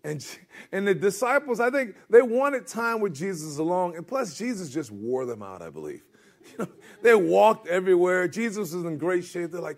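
Middle-aged male pastor, animated sermon delivery, lively pitch on a fairly high voice. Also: normal speed. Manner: animated, acts out the disciples' voices.

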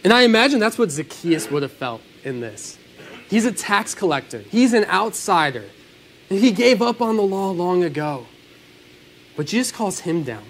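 A man delivering a Sunday sermon with a fairly high voice. His pitch swings widely as he preaches, rising and falling to press each point home. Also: normal speed, slight background noise, low-quality recording. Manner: animated, earnest preaching with sudden swells and drops. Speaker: pastor.

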